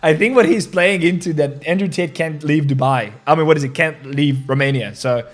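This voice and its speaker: Excitable rambling male crypto host. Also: fairly high pitch, normal speed. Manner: rambling and excitable, reads social media posts aloud with laughs. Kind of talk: casual crypto market commentary.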